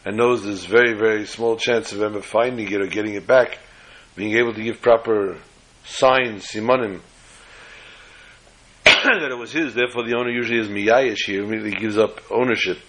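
A man's voice: fairly low pitch, steady tone, normal speed, fairly bright tone, a little hiss or hum, low-quality recording. A man giving a Torah class lecture, explaining step by step and often restarting or rephrasing words mid-sentence. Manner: tells jokes as illustrations. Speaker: Torah teacher.

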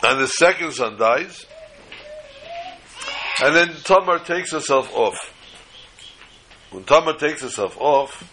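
A man's voice: medium pitch, expressive, slow, pauses often, pushed and bright, a little hiss or hum, low-quality recording. An older man teaching a Torah class, mixing teaching with jokes and storytelling asides.

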